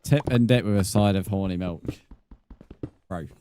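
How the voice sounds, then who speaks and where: A man's voice: low-pitched, normal speed, background noise. A young man streaming a game, bantering and joking with his chat and laughing often. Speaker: gaming streamer. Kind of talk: live-stream chat while playing.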